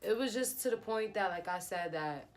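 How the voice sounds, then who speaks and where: A young woman vlogger telling a personal story in a lively, slangy, casual way. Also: mid-range voice, moderate pace. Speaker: beauty vlogger. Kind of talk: storytime vlog.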